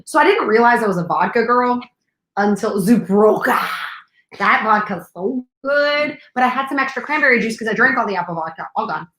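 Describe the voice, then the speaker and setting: A woman hosting a casual live chat, animated and talkative, jumping from topic to topic. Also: fairly high pitch, fairly quick, echoey room. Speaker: host.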